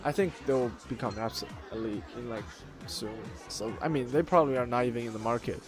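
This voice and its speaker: A man's voice: medium pitch, a little fast, over music. A man hosting his own channel, chatting casually as he explains internet memes, with plenty of fillers and restarts. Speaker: YouTube host. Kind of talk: casual meme commentary.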